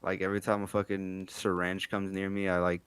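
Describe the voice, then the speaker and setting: A young man with a lowish, smooth, clean voice, rambling through a story in casual podcast chat. He swears freely and leans on fillers, recorded close and dry. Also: completely flat delivery, fairly quick, a bit bright, dry recording. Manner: loose, profane storytelling, full of fillers. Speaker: podcast co-host.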